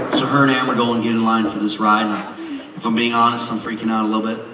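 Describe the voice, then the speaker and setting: A man's voice: fairly low pitch, fast talker, noisy background. Man telling a funny story in a roomy hall. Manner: animated, joking, acts out voices. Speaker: motivational speaker. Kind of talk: comedic storytelling speech on stage. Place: large hall with live audience. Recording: roomy hall from far off, with audience.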